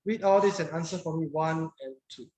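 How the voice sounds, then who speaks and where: High-voiced man teaching English grammar. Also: a little fast, darkish tone. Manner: patient, repeats phrases, mixes in Mandarin words. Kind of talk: classroom grammar lesson.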